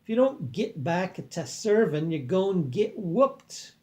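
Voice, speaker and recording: A woman's voice: lowish voice, very animated, measured pace, darkish tone, voice pushed up. A man putting on a drawling Southern ghost servant woman. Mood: warning. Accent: Southern US, imitated. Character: scolding female servant ghost, fearful and brusque.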